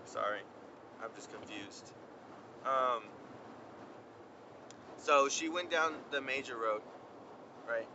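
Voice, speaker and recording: A young man chatting casually as he tells a story outdoors on a windy day, animated and slangy. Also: medium pitch, takes it slowly, long pauses. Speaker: vlogger. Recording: lo-fi outdoor recording with traffic noise. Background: wind and passing traffic.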